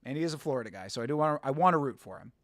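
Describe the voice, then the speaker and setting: A man's voice: mid-range voice, lively intonation, rapid-fire, fairly bright tone, no room sound, studio quality. A young American man hosting a casual fight watch-along, chatting with viewers and swearing casually. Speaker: livestream host.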